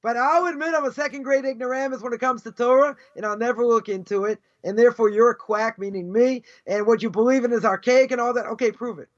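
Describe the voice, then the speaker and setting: A male rabbi lecturing with a very high voice, firing off emphatic, scornful rhetorical questions. The audio is dull and lo-fi, with the top end muffled. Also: fast, few pauses. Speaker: rabbi teaching a class. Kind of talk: live Torah lecture.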